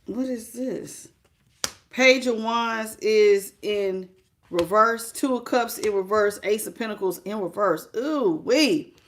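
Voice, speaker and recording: A woman's voice: mid-range voice, slow, slight background noise. A woman with a mid-range voice runs a live-stream tarot reading in an easy, chatty way. She speaks right to the listener, welcomes viewers one by one and calls them sweetheart or baby. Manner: chatty, greets viewers by name with endearments.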